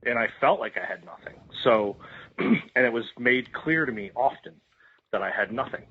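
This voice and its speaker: A man's voice: medium pitch, expressive, normal speed, breathy edge. A man telling a raw personal story on a podcast, repeating himself and swearing freely. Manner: emotional, repetitive, swears freely. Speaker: podcast guest. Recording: tinny phone-like line.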